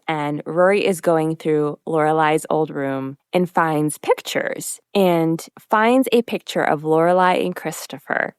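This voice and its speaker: A young woman co-hosting a podcast, chatting casually and retelling scenes with lively acted-out quotes. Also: deep voice, clear, resonant tone, no echo, studio quality. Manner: animated storyteller, acts out characters' lines in quotes. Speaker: podcast co-host. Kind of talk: casual chat recapping a TV episode.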